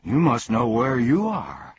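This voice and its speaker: A man reading aloud voices a confused, fickle grown man who swings between bragging and moping, with a husky voice. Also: mid-range voice, big pitch swings, moderate pace, dry recording, pitched above the performer's own voice. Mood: boastful. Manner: swings between boastful and mournful. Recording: dull, dry lo-fi recording.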